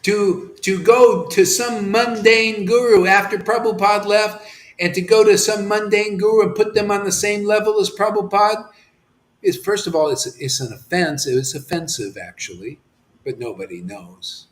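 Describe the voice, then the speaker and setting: A man preaching an impassioned sermon as a spiritual teacher, swinging from shouts to hushed near-whispers and dropping casual slang. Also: high-pitched, moderate pace. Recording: roomy echoey room.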